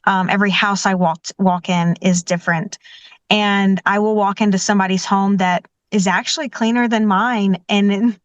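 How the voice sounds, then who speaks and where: A woman who works as a professional organizer answers interview questions conversationally, telling stories with eager warmth and many "you know"s. Her mid-range voice is fairly even and at a normal speed. There's no echo, and the highs are cut off.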